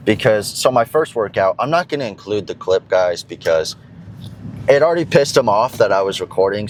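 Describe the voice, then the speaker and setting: A young man with a low-pitched voice rambles casually to his vlog audience. He strings thoughts together with plenty of fillers and drops swear words offhandedly, while a faint background hum sits under the recording. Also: low-quality recording. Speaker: fitness vlogger.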